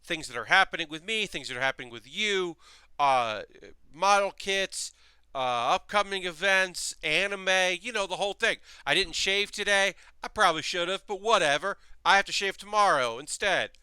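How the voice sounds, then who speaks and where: A man's voice: high voice, expressive, moderate pace, sharp tone, clean tone, no echo. A man hosting a live stream in casual, rambling chat, reading messages from his chat aloud as he builds model kits.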